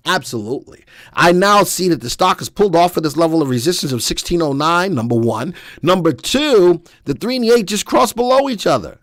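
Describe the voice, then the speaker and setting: A man's voice: high voice, no echo, studio quality. Upbeat man running a live stock show. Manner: energetic, talks to viewers while clicking through charts. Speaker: stock market analysis host. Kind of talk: live stock analysis webcast.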